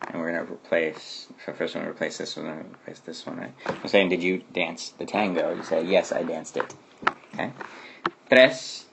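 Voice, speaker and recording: A man's voice: low voice, moderate pace, vocal fry, noisy background. A man teaching a Spanish grammar lesson who explains patiently and keeps asking "okay?" to check understanding.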